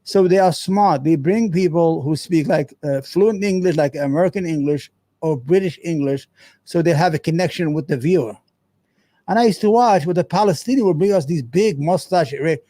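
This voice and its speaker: A man talks over clips as the host of a commentary show. His voice sits fairly high but sounds dark, and his talk is blunt, profane and rambling, with many restarts. The recording is dry. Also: normal speed, no room sound. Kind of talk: casual commentary.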